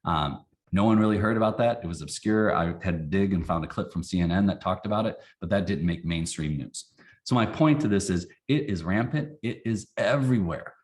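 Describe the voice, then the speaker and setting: A man who runs a company, presenting a casual training webinar in a folksy, animated way and acting out examples. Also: sits low, fairly quick.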